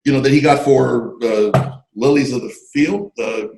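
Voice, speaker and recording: A man being interviewed about his screenwriting career, telling animated, digressive stories full of asides over a video call. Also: medium pitch, normal speed, gravelly, reverberant, background noise. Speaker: interview guest, screenwriter and comic artist. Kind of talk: casual anecdotal storytelling.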